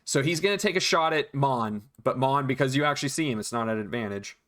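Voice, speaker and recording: A man narrating as dungeon master, relaxed, with frequent ums and restarts. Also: medium pitch, fast, a little hiss or hum. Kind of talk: narrating a tabletop game.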